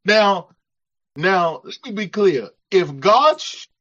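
A preacher man delivering an animated sermon, his pitch swinging up and down as he acts out voices. The recording sounds dull and lo-fi. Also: takes it slowly. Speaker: pastor.

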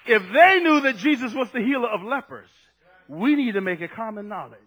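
Fervent high-voiced preacher, hoarse edge. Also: male voice, animated, fairly quick, muffled recording. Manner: fervent, swings from quiet to shouting, acts out scripture. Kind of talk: sermon.

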